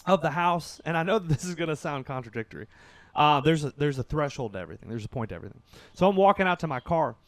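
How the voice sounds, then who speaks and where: Animated young man. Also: fairly high pitch, dry recording. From Kentucky, USA. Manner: animated, acts out quotes, laughs through the telling. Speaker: podcast guest. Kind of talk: casual storytelling on a podcast.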